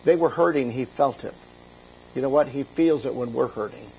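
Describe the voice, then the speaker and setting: A man's voice: medium pitch, normal speed, vocal fry, darkish tone, a little hiss or hum, poor audio. A middle-aged man, a bishop, preaching a conversational sermon, retelling scripture in a casual, folksy way and lifting his voice for quoted lines.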